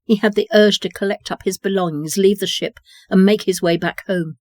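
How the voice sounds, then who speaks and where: A narrator reading a story in a measured, even way. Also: medium pitch, no echo. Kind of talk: audiobook narration.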